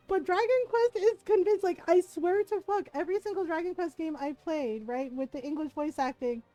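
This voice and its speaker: A woman's voice: very high voice, moderate pace, dry recording, soft background music. A woman streaming a game, chatting casually and laughing as she plays. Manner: chatty, laughing, animated impressions. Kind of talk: casual live-stream commentary.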